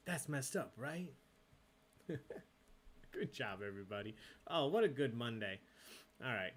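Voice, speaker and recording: A man's voice: mid-range voice, sing-song, measured pace, pauses often. A man hosting a live online trivia night, reading questions and answer counts and joking with the players. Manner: playful, chatty, jokes with players and reads answers aloud. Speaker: trivia host.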